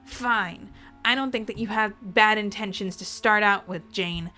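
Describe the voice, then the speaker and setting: A woman's voice: medium pitch, unhurried, bright, forceful tone, faint music behind. A woman voicing a stubborn young man who earnestly accuses his family. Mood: blunt.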